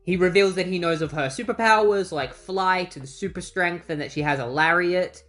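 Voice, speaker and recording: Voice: mid-range voice, normal speed, few pauses, a bit bright, soft background music. A comic book reviewer giving a casual recap with snarky, wry asides.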